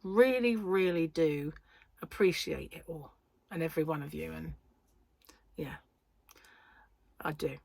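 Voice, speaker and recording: A woman's voice: deep voice, a little slow, vocal fry, pauses often, darkish tone, dry recording. A British woman rambling in casual chat to camera as a crochet vlogger, talking from a corner of her home. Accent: British English. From United Kingdom. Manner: rambling, chatty, self-interrupting. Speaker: crochet vlogger and yarn shop owner.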